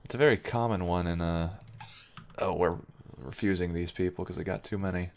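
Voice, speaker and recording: A man's voice: sits low, brisk, a little mellow, slight background noise. A young man giving offhand, wry let's-play commentary as he plays a game, muttering remarks to himself. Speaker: gaming video host.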